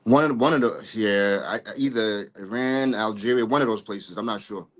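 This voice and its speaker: A man's voice: on the low side, normal speed. A man in a casual podcast chat, speaking candidly and hedging his words to avoid giving offense. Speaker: podcast co-host.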